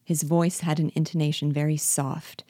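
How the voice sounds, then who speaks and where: A woman reading a classic novel aloud in a measured, expressive storytelling manner. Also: deep voice, no room sound, studio quality. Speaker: reader.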